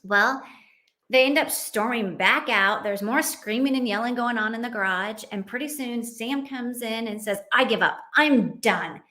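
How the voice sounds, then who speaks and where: Earnest, heartfelt mom telling a story. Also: female voice, on the high side, moderate pace, bright, forceful tone. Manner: earnest, heartfelt, acts out family quotes. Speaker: Christian parenting podcast host. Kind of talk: personal storytelling.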